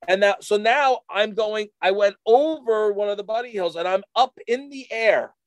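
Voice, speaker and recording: A man casually telling a rambling, animated story full of fillers to a friend. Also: high-pitched, moderate pace, no echo. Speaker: storyteller in a chat.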